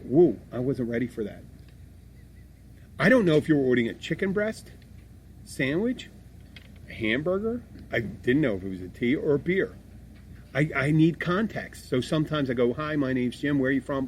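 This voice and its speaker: A middle-aged man co-hosting a podcast, chatting casually in a rambling, animated way and swearing freely. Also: a little high, slight background noise. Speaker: podcast co-host. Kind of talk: casual chat.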